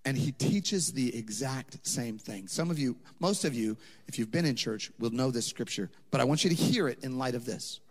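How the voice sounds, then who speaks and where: A man's voice: medium pitch, lively intonation, normal speed, few pauses. A man preaching a sermon as a pastor, conversational and impassioned, rising to emphatic peaks. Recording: long hall reverb.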